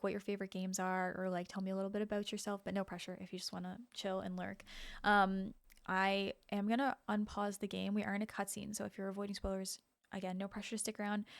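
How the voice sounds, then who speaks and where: A woman's voice: mid-range voice, no echo. A woman variety streamer chatting casually with viewers over a game, thanking them and rambling in asides. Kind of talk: casual live-stream chat over gameplay.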